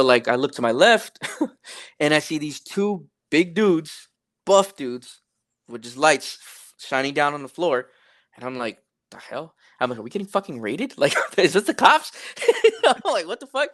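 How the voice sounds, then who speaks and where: A man's voice: medium pitch, dry recording, clean studio sound. A young man, a rapper guest on a podcast, telling a story casually, with lots of fillers and swearing. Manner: laid-back, profane, many fillers, animated retelling.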